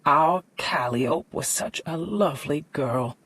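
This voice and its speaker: A woman voicing an elderly, kindly male doctor who speaks slowly and fondly in an audiobook. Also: deep voice, husky, heavily acted. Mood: gentle. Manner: slow, gentle, fond.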